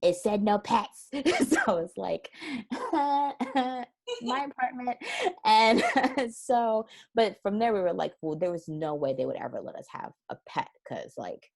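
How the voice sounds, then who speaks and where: A woman with a fairly low voice tells a personal story as an interview guest. She laughs easily and acts out the voices of people in her story. Her delivery is casual and animated. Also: normal speed, gravelly. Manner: laughs often while talking. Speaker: guest, transformation strategist.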